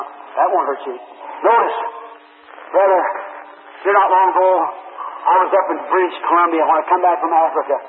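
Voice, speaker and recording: A man preaching a sermon, telling a story in a folksy way and rising to excited shouts. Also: high voice, reverberant, slight background noise. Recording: tinny, distant old archive tape.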